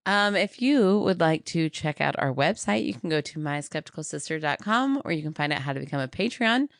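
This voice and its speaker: Low-voiced woman chatting on a podcast. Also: animated, brisk, no room sound, studio quality. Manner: giggly, rambling. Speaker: podcast co-host. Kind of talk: casual chat.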